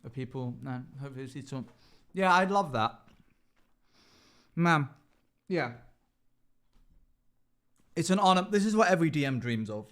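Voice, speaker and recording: A man's voice: fairly high pitch, expressive, unhurried, pauses often, fairly bright tone. A man streaming live as a dungeon master, chatting emotionally and rambling as he reacts to chat. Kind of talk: casual livestream chat.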